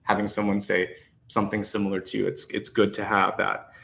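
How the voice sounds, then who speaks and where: A man's voice: fairly low pitch, little pitch movement, a little fast, gravelly, fairly bright tone. A man giving a tarot reading to viewers, talking in a confident, encouraging, conversational way. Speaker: tarot reader.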